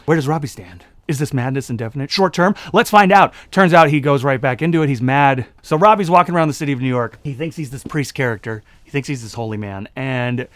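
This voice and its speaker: A man reviewing a movie in a casual vlog, sarcastic and animated, laughing at his own jokes. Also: medium pitch, fast talker, hardly any pauses, no echo.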